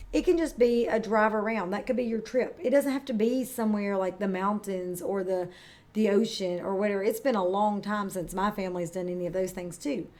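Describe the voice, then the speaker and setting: A woman's voice: mid-range voice, darkish tone. Give me a middle-aged woman teaching kindergarten, patient and friendly, speaking right to the kids. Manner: friendly, patient, talks directly to children. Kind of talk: read-aloud and classroom lesson for young children.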